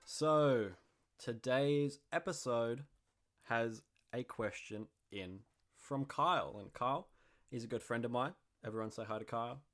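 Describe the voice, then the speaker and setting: A young man hosting a podcast, chatting casually in an excitable, slangy and jokey way. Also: medium pitch, unhurried. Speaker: podcast host.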